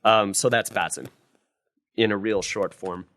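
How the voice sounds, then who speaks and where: A man's voice: on the low side, fairly even intonation, a little slow, fairly bright tone, slight background noise. A man, a criminal defense lawyer, talking casually and with self-deprecating humor on a live panel in front of law students. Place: law school lecture room with student audience.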